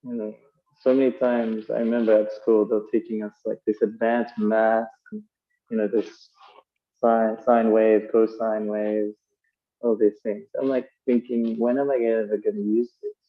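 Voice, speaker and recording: A man's voice: on the low side, flat delivery, a little slow, phone-quality sound. A man giving a conversational sermon, telling stories and using fillers as he explains scripture. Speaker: preacher.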